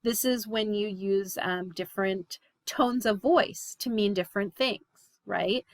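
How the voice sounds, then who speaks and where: A woman's voice: medium pitch, a little slow, no room sound. A woman giving a recorded class lecture, explaining terms with frequent "um" and "right?" check-ins.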